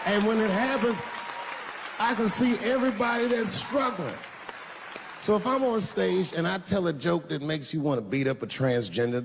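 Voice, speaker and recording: A male stand-up comedian performing live, his pitch swinging widely as he tells his stories. His voice rings out with a long hall reverb from a big stage, and faint crowd ambience sits underneath. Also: noisy background. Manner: lively, punchy delivery with acted-out voices.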